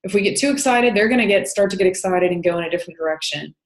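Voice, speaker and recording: A woman's voice: medium pitch, racing, roomy sound, low-quality recording. A woman teaching counseling in a recorded lecture, explaining step by step with frequent "um" and "you know". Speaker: counseling instructor.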